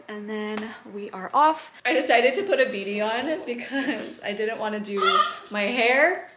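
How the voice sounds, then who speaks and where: A woman's voice: medium pitch, fairly bright tone, slight background noise. A woman in her thirties vlogging casually at home, chatty and open, her talk full of "like" fillers. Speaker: lifestyle vlogger. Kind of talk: casual vlog talk to camera. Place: at home, indoors.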